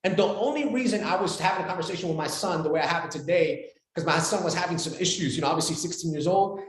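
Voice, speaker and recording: A man in his forties, a podcast guest talking in an animated, emphatic way and repeating phrases for weight. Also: a little high, fast, reverberant.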